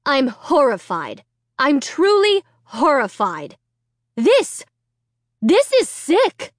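A stern mother, as a woman reader voices her, speaks in a tight, clipped voice and holds back her anger. Her lines land low and controlled against the dry, close sound. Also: animated, measured pace, a little mellow, no room sound, natural voice.

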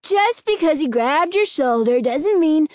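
A woman's voice: sits high, lively intonation, unhurried, darkish tone, dry recording, clean studio sound, voice pushed up. A woman voicing a scheming boy who scoffs and challenges the others. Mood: scornful. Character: scornful scheming boy, Alan.

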